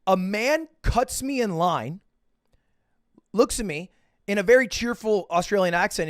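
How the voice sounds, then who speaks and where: Higher-voiced man telling a rambling story. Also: lively intonation, unhurried, long pauses, dry recording, clean studio sound. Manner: rambling, self-mocking, profane, with many restarts. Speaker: streamer. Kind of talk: casual storytelling to stream chat.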